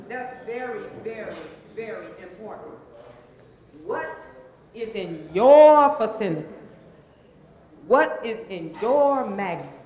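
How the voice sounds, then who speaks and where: A woman giving a motivational talk as a transformational coach, emphatic and calling on the audience to answer. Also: high-pitched. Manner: emphatic, call-and-response with audience. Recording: very echoey room.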